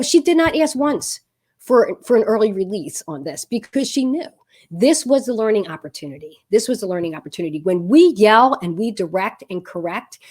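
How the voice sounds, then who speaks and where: A middle-aged woman who works as a parenting coach tells a story in an advice video. Her voice is medium-pitched, and she's animated, laughing at her own tale.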